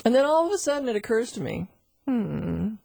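A middle-aged woman tells a story as a lesson in a chatty, animated way, often turning to the listener. Her voice is husky, and the sound is close and dry. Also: fairly high pitch, fairly quick, no room sound. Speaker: animal communication teacher.

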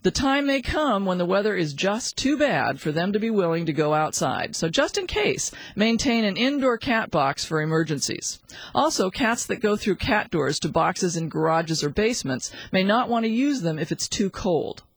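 Lively woman giving pet-care tips. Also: mid-range voice, normal speed, breathy edge, dry recording, low-quality recording. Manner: upbeat, chatty, playful. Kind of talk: scripted radio tip segment.

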